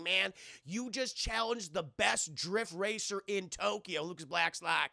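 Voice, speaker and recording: A young man streaming a casual, profane scene-by-scene movie recap, acting out characters in quick quoted bits and thanking his chat. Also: fairly high pitch, creaky, bright, forceful tone, dry recording, clean studio sound. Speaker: movie reviewer streaming live.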